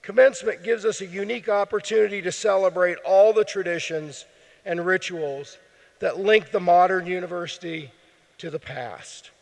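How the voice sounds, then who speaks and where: A hoarse man delivering a formal, earnest welcome speech at a ceremony in a large indoor arena, speaking into a podium mic. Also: sits high. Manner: earnest, measured address. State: hoarse, losing his voice. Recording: long arena reverb.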